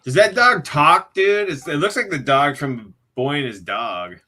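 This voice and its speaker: A man's voice: fairly high pitch, expressive, measured pace, bright, forceful tone. A man in a casual online chat, enthusiastic and laughing, who swears often.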